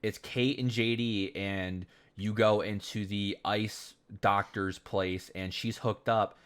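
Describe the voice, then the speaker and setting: A young man with a somewhat low voice talks through his thoughts on a podcast. He is relaxed and rambling, and he leans on filler words as he goes. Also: slow, smooth. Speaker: podcast co-host. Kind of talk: casual podcast chat.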